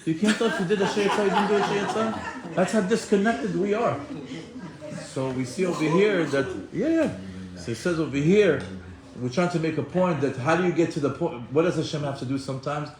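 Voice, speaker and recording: Animated man giving a Torah class. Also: on the high side, a little fast, a crowd in the background. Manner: animated, acts out quoted voices, many restarts. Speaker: Torah teacher. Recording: echoey room with faint ambience.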